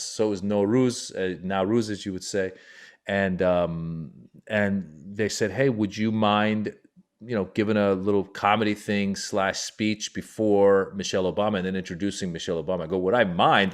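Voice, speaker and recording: A man in his forties, a comedian born in Iran, tells a long story as a podcast guest. His voice sits low, and he leaps way up in pitch whenever he acts out other people. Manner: acts out quoted voices with big pitch jumps. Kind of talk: animated storytelling.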